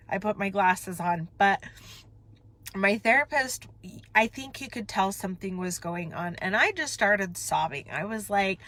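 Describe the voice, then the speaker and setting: A woman speaking into her phone from a parked car, confessional and raw. Her voice sits at an ordinary middle pitch. She rambles, corrects herself and trails off as her emotions rise. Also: fairly bright tone. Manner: emotional, rambling, self-interrupting. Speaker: vlogger. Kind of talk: candid confessional chat.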